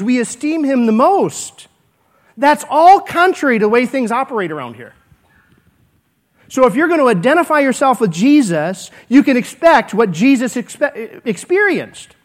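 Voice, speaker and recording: A man preaching a sermon, earnest and repetitive, swinging between emphatic lines and hushed ones. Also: very high voice, big pitch swings, moderate pace. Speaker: pastor.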